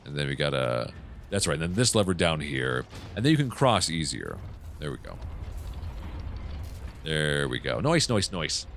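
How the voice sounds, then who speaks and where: A man casually commenting on his own game playthrough, swearing often and reacting loudly to what happens on screen. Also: a bass voice, big pitch swings, measured pace, pauses often, a little hiss or hum. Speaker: gaming channel host. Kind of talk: casual let's play commentary.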